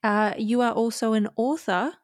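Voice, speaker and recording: A woman's voice: a little high, normal speed, dry recording, clean studio sound. A woman hosting a podcast interview, encouraging and supportive of her guest. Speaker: podcast host.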